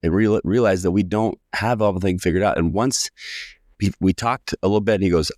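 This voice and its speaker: A sales coach from the United States, in his forties, speaks fairly quickly in a low voice as he tells a lively personal story on a podcast, performing the voices of the people he quotes. There's no echo, and the audio is studio quality.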